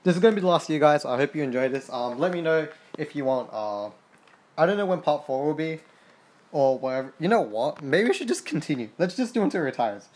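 A young man doing casual commentary on a basketball sim game, reading stats aloud, swearing freely and getting excited. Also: on the high side, fast. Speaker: gaming podcaster.

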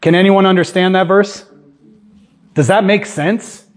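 A man's voice: sits high, steady tone, a little slow. A man preaching an earnest sermon as a guest preacher in a church, emphatic and full of rhetorical questions to the congregation.

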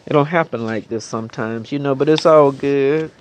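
A man preaching a sermon, now and then clearing his throat and singing slow gospel lines. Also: medium pitch, noisy background. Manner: preaching, breaks into slow gospel singing, calls listeners beloveds. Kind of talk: sermon with sung gospel passages.

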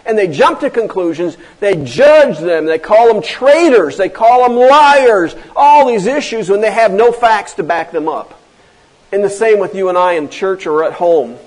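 Emphatic male pastor, high-pitched, rhetorical sermon delivery. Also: rough recording. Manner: emphatic preaching, many rhetorical questions.

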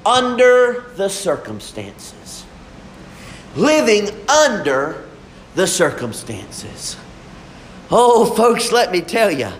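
Casting: young male preacher, high voice, fervent and unhurried delivery. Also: a little hiss or hum. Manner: fervent, drawn-out preaching with shifts between soft and emphatic. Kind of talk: sermon.

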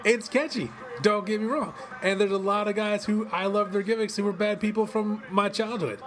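Man, fairly high voice, rambling casual commentary, swears a lot, excitable outbursts, home office. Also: moderate pace. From western Kentucky, USA. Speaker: host. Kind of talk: casual watch-along commentary. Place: cold home office studio.

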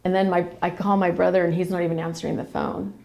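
Gravelly-voiced woman telling a story. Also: lowish voice, little pitch movement, fast, darkish tone, faint music behind. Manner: emotional, rambling, many restarts. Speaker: guest sharing a family story. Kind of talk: casual storytelling.

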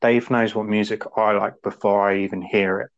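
A man co-hosting a podcast, rambling casually and acting out quotes in sudden high voices. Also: little pitch movement, moderate pace, gravelly, highs cut off. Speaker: podcast co-host. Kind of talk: casual chat.

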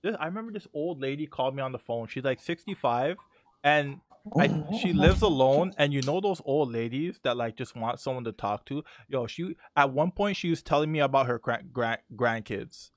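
A man hosting a casual chat and telling animated, slangy stories. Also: mid-range voice, normal speed, no room sound.

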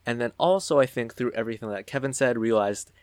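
A man's voice: medium pitch, fast talker, no echo. Dry-voiced man with wry asides. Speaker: podcast co-host. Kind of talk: casual episode recap chat.

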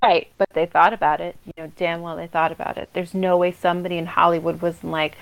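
A woman co-hosts a casual film podcast. She talks in an animated, emphatic way and swears freely as she makes her points. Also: on the low side, fast, gravelly, few pauses, rough recording. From United States. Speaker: podcast co-host.

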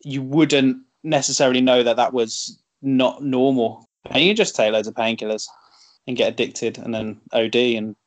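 A man's voice: medium pitch, fairly even intonation, normal speed. A man hosting a casual podcast, rambling and joking. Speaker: podcast host. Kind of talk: casual chat.

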